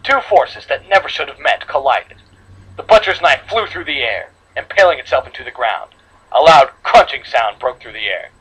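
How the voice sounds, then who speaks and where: A man's voice: mid-range voice, very animated, normal speed, fairly bright tone, slightly rough, muffled recording. A man reading a horror fan story aloud to friends, dramatic, with slips and re-reads. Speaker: story reader.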